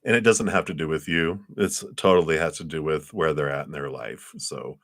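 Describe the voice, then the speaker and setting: A man's voice: extremely low pitch, moderate pace, vocal fry, fairly bright tone. A man giving a casual, upbeat and reassuring tarot reading on a livestream, a little drowsy and yawning. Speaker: tarot reader.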